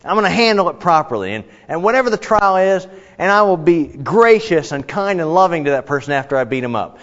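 Male preacher, animated self-deprecating storyteller, dull lo-fi church recording. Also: on the high side, brisk. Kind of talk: sermon with personal anecdotes. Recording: echoey hall, dull lo-fi sound.

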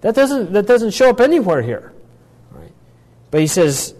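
A man's voice: sits high, very animated, moderate pace, long pauses, a little mellow. A man teaching a Bible passage as a pastor, thoughtful, often restarting and explaining phrase by phrase. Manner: thoughtful, with frequent restarts and asides. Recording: echoey hall with long reverb.

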